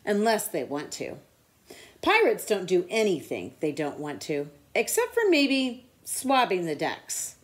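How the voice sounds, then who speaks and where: A woman tutor reading a children's picture book aloud with expressive storytelling. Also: mid-range voice.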